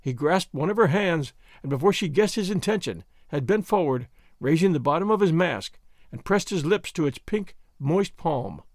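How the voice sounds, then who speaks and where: A man narrating an audiobook in a measured storytelling manner. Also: fairly high pitch, expressive, no echo, studio quality.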